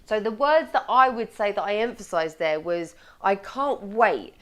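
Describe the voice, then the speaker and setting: An upbeat woman coaching viewers on how they speak, with a lively delivery. She leans hard on the key words and keeps a steady, mid-range voice. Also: mid-range voice, moderate pace. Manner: lively, bright presenting with clear stressed words. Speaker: communication coach. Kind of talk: presenting a video tip.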